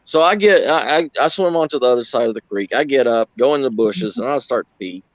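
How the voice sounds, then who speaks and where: A man telling a story in a relaxed group chat, his voice leaping high whenever he acts out what someone said. He swears freely as he talks. The sound is dry and a little dull, with the lo-fi quality of a cheap mic. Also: brisk, dry recording. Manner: animated, acts out quoted lines with big pitch jumps, swears.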